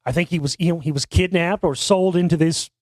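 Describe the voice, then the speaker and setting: A man's voice: a little high, a little fast, darkish tone, no echo, clean studio sound. A man hosting an internet talk show, telling a long story in a rambling, casual way with frequent restarts and casual swearing. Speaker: podcast host.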